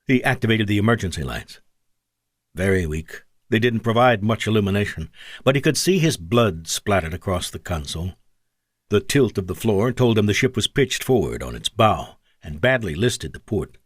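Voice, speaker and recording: Low-voiced male audiobook narrator. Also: sing-song, normal speed, slightly rough, dry recording, studio quality. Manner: shifts pitch and pace for character dialogue. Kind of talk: scripted narration.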